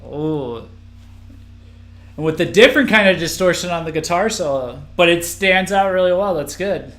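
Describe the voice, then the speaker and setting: A man's voice: high-pitched, lively intonation, normal speed, fairly bright tone, reverberant. A man hosting a live stream, reacting to an album as it plays, rambling and restarting his sentences. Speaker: podcast host.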